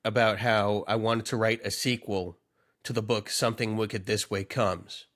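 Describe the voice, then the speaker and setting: A man's voice: on the low side, steady tone, normal speed, fairly bright tone. A man co-hosting a comedy podcast, riffing in a rambling, mock-earnest way. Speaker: podcast co-host. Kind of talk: comedic casual chat.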